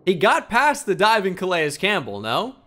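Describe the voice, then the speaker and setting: Dude doing goofy game commentary, bright sharp voice, kinda high, swears a lot, gets excited. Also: male voice, moderate pace. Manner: joking, excitable, swears freely. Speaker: gaming YouTuber. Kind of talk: casual video game commentary.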